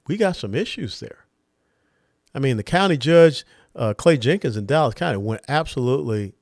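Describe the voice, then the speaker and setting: A man's voice: mid-range voice, a little mellow, no echo, studio quality. A man delivering a political monologue as host, emphatic and punchy, leaning hard on stressed words. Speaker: political commentator hosting a monologue.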